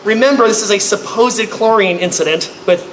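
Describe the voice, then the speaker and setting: Animated storyteller, high bright voice. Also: male voice, brisk. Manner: animated, acts out others with loud high-pitched outbursts. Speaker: convention panelist. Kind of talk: comedic storytelling to a live audience. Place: convention panel room. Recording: echoey room, faint noise.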